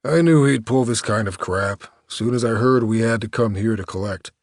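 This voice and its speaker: A weary middle-aged detective in an audiobook, voiced by the male narrator, low and terse with a gruff, impatient clip. He is spoken close and dry. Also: moderate pace, dry recording.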